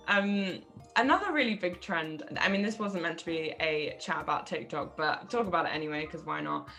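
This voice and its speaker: A woman's voice: fairly low pitch, normal speed, a bit bright, soft background music. A woman co-hosting a podcast, chatting casually, swearing freely and laughing at herself. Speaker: podcast co-host. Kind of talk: casual chat.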